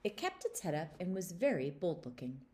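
Children's storyteller, woman, low and very animated. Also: fairly quick. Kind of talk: reading a fairy tale to children.

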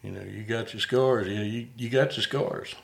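Man, middle-aged, podcast host, low voice, gravelly, folksy, self-deprecating. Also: fairly even intonation, moderate pace. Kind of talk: casual interview chat.

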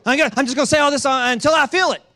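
Pastor, male, high and bright, emphatic repetitive preaching with rhetorical questions. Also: very fast. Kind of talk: sermon. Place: church in Georgia.

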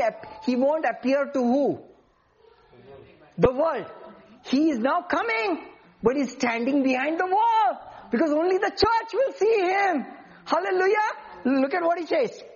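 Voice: sits high, lo-fi sound. A preacher delivering an emphatic sermon and often asking the congregation questions.

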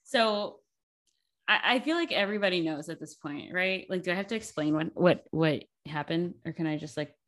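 A young woman co-hosting a casual news chat, her voice sitting a little low. She keeps the talk loose and chatty, filling gaps with likes and ums. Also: moderate pace, a bit bright. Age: 20s. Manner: chatty, laughs often, frequent likes and ums. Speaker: podcast co-host.

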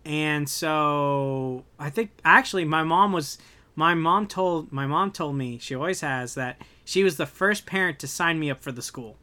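A young man talks in a casual podcast chat with a bright, forceful voice that sits a little high. He rants with animated energy and swears freely. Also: unhurried. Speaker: podcast co-host.

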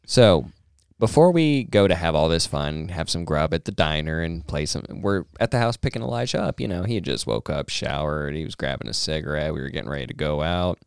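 A man's voice: very deep voice, brisk, vocal fry, smooth, no echo, clean studio sound. A man co-hosting a podcast, telling stories in casual chat, cursing often. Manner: profane, animated storyteller. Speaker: podcast co-host.

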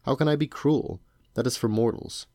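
A man reading aloud as a sorrowful, distant enchanted lady who speaks softly. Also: medium pitch, normal speed, no echo, clean studio sound, pitched above the performer's own voice, close to an everyday voice. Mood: cool. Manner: soft, remote.

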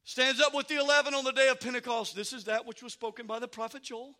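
A male pastor preaching a sermon, swinging from hushed, chatty asides to shouted passages and repeating "I'm telling you.". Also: extremely high pitch, level tone, fast talker.

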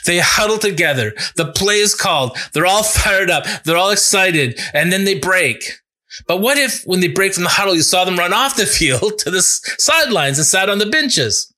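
Man, pastor, sermon, bright tone, a little high, earnest conversational preaching. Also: expressive, normal speed. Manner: earnest, conversational preaching with restarts and rising emphasis.

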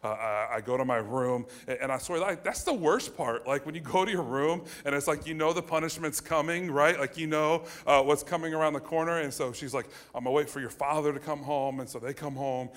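A man in his thirties from the United States, telling a personal childhood story to an audience in an animated way with many fillers and restarts. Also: on the high side, brisk, hardly any pauses. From United States (Ohio). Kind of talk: personal anecdote told to an audience.

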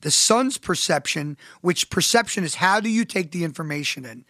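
A man with a fairly high voice hosts a solo podcast monologue. The sound is dry with no room around it. He drives his points home to his listeners and keeps asking them rhetorical questions as he tells stories. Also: lively intonation, moderate pace, pushed and bright, dry recording. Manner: emphatic, addresses listeners directly. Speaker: podcast host.

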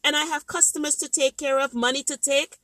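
A woman's voice: sits high, fairly even intonation, a little fast, a bit bright, no room sound. A woman playing a brash customer service representative on a call, sassy and clipped, in a comedic role-play.

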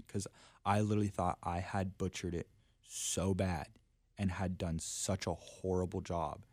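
A man's voice: deep voice, flat delivery, normal speed, darkish tone, dry recording. A young man, a traveling preacher, telling his story earnestly and casually on a faith podcast, full of "like" and "literally".

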